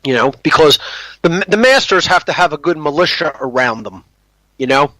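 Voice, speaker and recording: A man's voice: a little high, lively intonation, moderate pace, sharp tone, no room sound, low-quality recording. A man from the United States, a podcast guest, giving an impassioned monologue, emphatic and often asking "okay?" as he repeats and restarts phrases.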